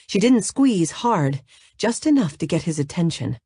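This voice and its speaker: Brief: female audiobook narrator, low register, steady, dry studio sound. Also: unhurried, slightly rough, no room sound.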